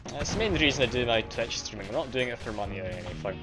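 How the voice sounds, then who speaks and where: A man's voice: mid-range voice, lively intonation, fast talker, over loud music. A man from Scotland with a mild Scottish accent, chatting casually and self-deprecatingly with viewers while streaming a game. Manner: self-deprecating, chatty, reads and answers chat. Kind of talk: casual live-stream chat while playing.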